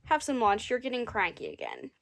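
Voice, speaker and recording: Woman doing a gentle giantess wife, soft, reassuring, storybook character. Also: fairly high pitch, wildly swooping pitch, fairly quick. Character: soothing giantess wife calming her husband.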